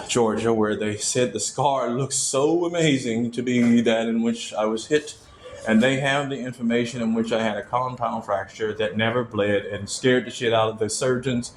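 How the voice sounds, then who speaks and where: A man's voice: on the low side, echoey room, slight background noise, low-quality recording. A man talking to the camera in a meandering, repetitive monologue.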